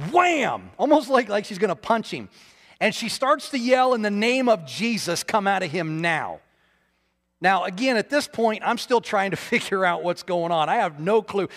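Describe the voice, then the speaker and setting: A man preaches in a storytelling sermon, his voice sitting a little high for a man. He moves from recounting events to emphatic, repeated declarations. His voice rings with the long reverb of a large hall. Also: a bit bright. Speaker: pastor.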